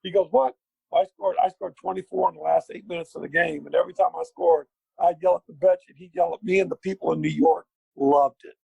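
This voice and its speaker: A middle-aged man spins a basketball story, acting out every quote with gusto. His voice sits high and runs gravelly and husky. The sound is dry and close. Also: quick pace, dry recording, muffled recording. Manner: lively anecdote teller, acts out quotes. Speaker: guest, former pro basketball player. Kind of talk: animated storytelling.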